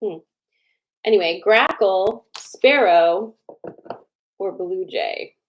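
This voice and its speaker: A young adult woman hosting a casual livestream, chatting with viewers, greeting them by name and slowly repeating their choices before a card reading. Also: mid-range voice, poor audio.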